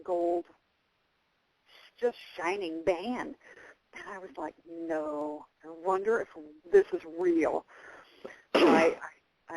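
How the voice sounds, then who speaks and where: A middle-aged woman with a low-pitched, gravelly voice tells a story as a radio guest. She talks casually and rambles, with many fillers and restarts. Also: no room sound, low-quality recording. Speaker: guest psychic medium.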